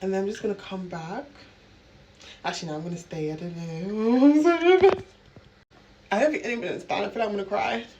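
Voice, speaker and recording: A woman's voice: mid-range voice, quick pace, noisy background. Woman vlogging with frequent swearing. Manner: swears freely, talks to viewers. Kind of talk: casual vlog.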